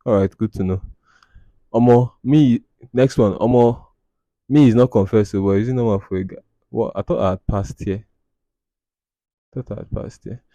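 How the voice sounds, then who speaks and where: A Nigerian man with a low, dark, mellow voice, recorded close and dry in a small room. He hosts a casual podcast and reads confessions aloud. He adds wry, teasing remarks and slips into Pidgin. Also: normal speed, pauses often, dry recording. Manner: wry, mocking asides with Pidgin phrases. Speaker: podcast host. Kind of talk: casual commentary reading out anonymous confessions.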